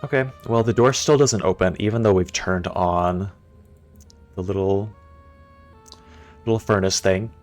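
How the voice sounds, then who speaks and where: A man's voice: deep voice, unhurried, pauses often, soft background music. A man streaming a puzzle game, chatting casually with his viewers and thinking aloud as he plays. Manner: chatty and playful, answers chat, thinks aloud. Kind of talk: casual live-stream commentary.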